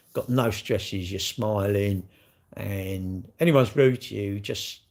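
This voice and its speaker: Older bloke on a livestream, lowish voice, blunt, jokey, swears a lot. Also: male voice, vocal fry. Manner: blunt, joking, swears freely. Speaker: livestream host. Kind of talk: casual chat with viewers.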